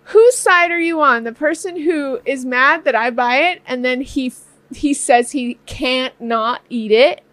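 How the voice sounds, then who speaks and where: High, bubbly woman telling a story. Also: a little slow, no echo. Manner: animated and playful, laughing often, acting out quotes. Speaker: co-host of a couple's channel. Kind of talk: casual storytelling chat.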